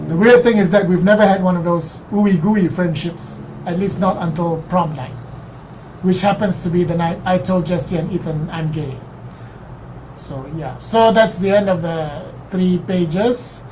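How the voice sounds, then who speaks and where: A reader works through the opening pages of a novel aloud, at a middling pitch. The reading keeps pausing for quick asides that question how a word is said or what it means, then picks the story back up. A faint ambient hum sits underneath. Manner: reads in first person, breaks off to question words. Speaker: reader on a live stream.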